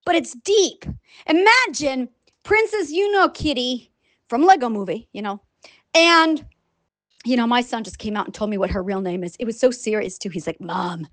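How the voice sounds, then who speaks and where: A woman with a high-pitched voice rambles through an unscripted vlog monologue, animated and a bit profane. She jumps into little acted-out voices as she tells her stories. The sound is close and dry, with no room around it. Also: moderate pace, no room sound. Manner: acts out quoted voices. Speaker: scientist and online writer.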